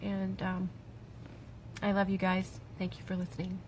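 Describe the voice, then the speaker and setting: A middle-aged woman, tearful, speaking haltingly on an emotional personal livestream as a grieving mother. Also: medium pitch, completely flat delivery, a little mellow, slight background noise, low-quality recording. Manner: halting, with pauses and restarts. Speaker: grieving mother sharing her daughter's story.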